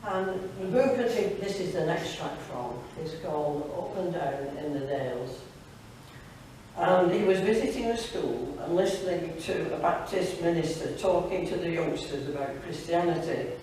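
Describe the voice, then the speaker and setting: A woman's voice: fairly low pitch, moderate pace, dark tone, slight background noise. Chatty woman speaker in an echoey hall. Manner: chatty, with asides to the audience. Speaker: guest speaker at a church fellowship evening. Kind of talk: devotional talk reading a story aloud. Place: church hall. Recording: very echoey hall, distant mic.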